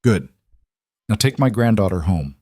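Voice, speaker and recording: A man's voice: on the low side, very animated, normal speed, warm tone, no echo, clean studio sound. A man voicing a blunt, commanding older grandmother who insists on her points and repeats them. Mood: forceful.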